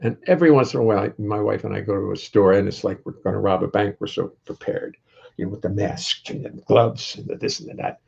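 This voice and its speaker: A man's voice: fairly low pitch, fairly quick, gravelly, darkish tone, breathy edge, dull audio. An older man hosting a casual livestream from his home, rambling in a wry way and greeting viewers by name.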